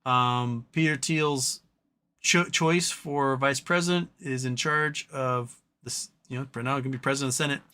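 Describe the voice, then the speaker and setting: A man's voice: medium pitch, steady tone, normal speed, bright, forceful tone, clear, resonant tone. A man hosting a livestream who reads chat comments aloud, rambling and profane in his opinions. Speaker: livestream host. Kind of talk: live-stream chat reading and ranting.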